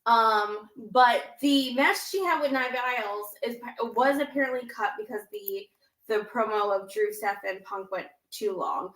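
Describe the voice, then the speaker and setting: This is a thirty-something woman co-hosting a podcast, with a fairly high, fairly bright voice, an unhurried pace, and a roomy sound. Her chat rambles casually, stuffed with "like" and "um," and she playfully acts out quoted lines.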